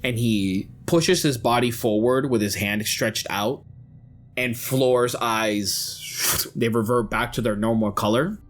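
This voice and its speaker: A man runs a tabletop game, describing the scene in slow, measured narration. Faint music plays under his voice. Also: medium pitch. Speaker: game master.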